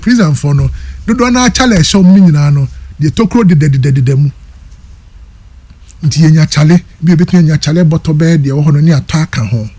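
A Ghanaian man hosting a call-in radio show with a dark, husky voice. He sounds dry and close to the studio microphone. He switches between Twi and English and repeats items and phone numbers as he appeals to listeners. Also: a little high, dry recording. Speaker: radio host.

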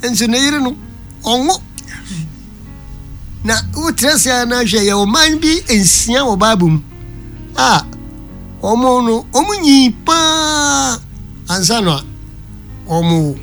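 A Ghanaian-accented guest speaks with a lively, swooping pitch, driving each point home in an emphatic, preachy tone. Faint music plays behind the voice. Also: slow pace, long pauses. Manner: emphatic and preachy, switching between Twi and English. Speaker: guest giving a Christian view. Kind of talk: opinionated talk-show commentary.

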